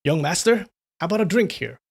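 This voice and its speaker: A man's voice: high-pitched, lively intonation, fairly quick, vocal fry, slightly rough, full character voice. A man voicing a jovial male escort coaxing his master toward a drink, in a storybook reading.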